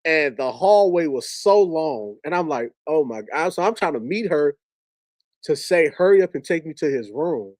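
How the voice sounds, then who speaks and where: Speaking at normal speed, this man, who has a wife and two young kids, tells an audience a moving personal story, repeating himself and frequently starting sentences over. His slightly high voice has a darkish tone and lively intonation, recorded without echo.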